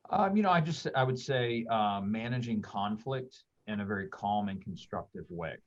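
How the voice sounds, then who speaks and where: A man's voice: fairly low pitch, expressive, moderate pace. A man guesting on a talk show, speaking casually and thoughtfully with many fillers and restarts. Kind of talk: casual conversation on a video call. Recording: dull lo-fi call audio.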